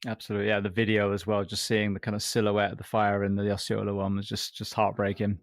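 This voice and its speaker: Man, low voice, dry studio, relaxed interview host. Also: quick pace, creaky, no echo. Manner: relaxed, conversational questions. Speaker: podcast host, firefighter. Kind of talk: casual interview chat.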